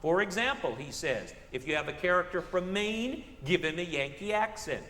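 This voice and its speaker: A man's voice: high voice, lively intonation, normal speed, bright, forceful tone, echoey room, long reverb tail. A man giving a public literature lecture on a theater stage, asking rhetorical questions and tossing in comic asides.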